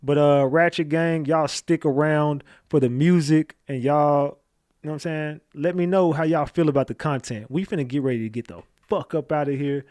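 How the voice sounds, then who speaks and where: A man's voice: fairly high pitch, fairly even intonation, normal speed, no room sound. Hyped man thanking his livestream chat. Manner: hyped, thankful shout-outs, swearing freely. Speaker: livestream host. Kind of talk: casual livestream talk to chat.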